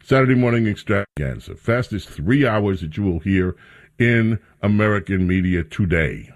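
A man's voice: fairly low pitch, animated, moderate pace. A man hosting a talk radio show, introducing clips and guests in a casual, rambling way. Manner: sarcastic, mocking reporters in a raised voice.

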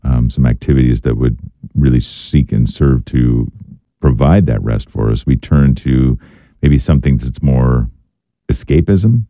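Very deep, dark-voiced male radio host. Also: dry recording. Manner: measured, wordy questions with fillers. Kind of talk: radio call-in talk. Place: radio studio.

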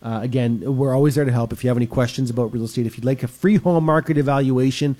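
A man's voice: medium pitch, steady tone, fast talker, mellow. A man hosting a radio real estate show, chatting casually from the studio with lots of filler words. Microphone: studio microphone.

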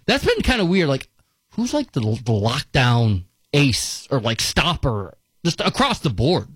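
A man hosting a casual sports talk radio show, animated and quick to react and laugh. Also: medium pitch, slightly rough, dry recording.

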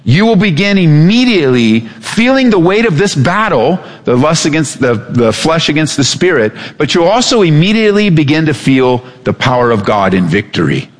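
A male pastor preaching a sermon, animated, with dramatic pauses and repeated phrases. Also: on the high side. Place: church sanctuary. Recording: long hall reverb.

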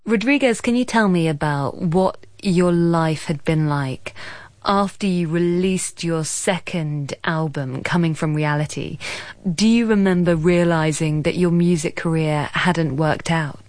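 A woman hosting an audio documentary, narrating in a measured, clear manner and interviewing guests. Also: fairly low pitch, a little mellow, no echo. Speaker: host and interviewer.

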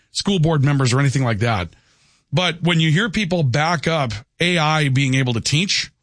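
A man hosts a call-in radio talk show, chatting conversationally and frequently tossing in "okay." His voice is fairly high and a bit bright, recorded at studio quality on a studio microphone with no echo.

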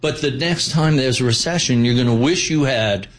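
A man's voice: mid-range voice, normal speed, low-quality recording. A man being interviewed as a financial commentator, answering in a blunt, sardonic way and reeling off figures.

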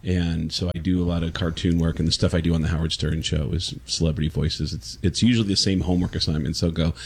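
A comedian man telling animated stories as a guest in a casual interview. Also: deep voice, quick pace, gravelly, breathy edge. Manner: animated, lively storyteller.

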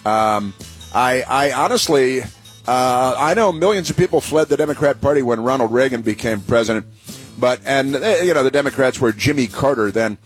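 A man's voice: medium pitch, normal speed, faint music behind. A man hosting a talk radio show, rambling sarcastically with many fillers and restarts.

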